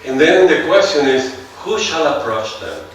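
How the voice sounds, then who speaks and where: A man with a non-native English accent giving a seminar lecture, musing slowly and often putting rhetorical questions to his audience. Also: a little high, expressive, slight background noise. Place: large lecture hall. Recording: echoey hall, heard from far off.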